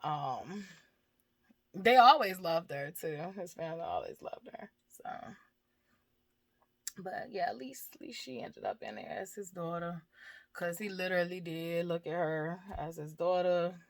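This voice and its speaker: Low-voiced woman, frank and profane, half-laughing through heavy subjects, dry close recording. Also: expressive, measured pace, vocal fry, no room sound. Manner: candid, swears freely, laughs through hard topics. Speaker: mother and vlogger. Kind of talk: casual personal talk about grief.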